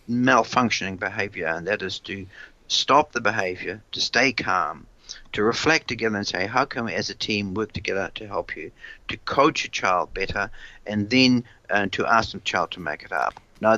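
Bright-voiced man explaining parenting advice. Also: on the low side, no echo, dull audio. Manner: repeats words while thinking, acts out what a parent might say. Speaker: parenting expert guest.

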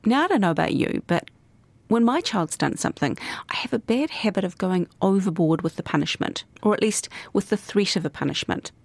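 A woman hosting and narrating a podcast in a measured, scripted way. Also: mid-range voice, animated, vocal fry, no echo. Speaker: host narrator.

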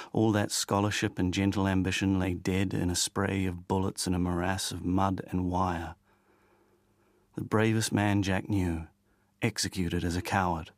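A man narrating a novel in a measured, steady way. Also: low voice, no echo, clean studio sound. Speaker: audiobook narrator. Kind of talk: scripted narration.

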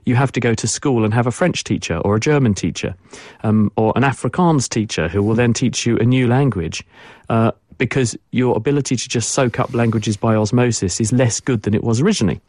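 A man's voice: mid-range voice, fairly quick, darkish tone, dry recording, studio quality. A man, a science expert guest on a radio show, explaining fluently and repeating words for emphasis.

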